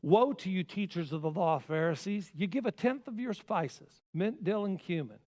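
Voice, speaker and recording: Male pastor mid-sermon, a touch high-pitched, swings from emphatic to hushed, reverberant church sound. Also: animated, normal speed. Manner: dramatic swings from loud emphasis to hushed asides. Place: church sanctuary.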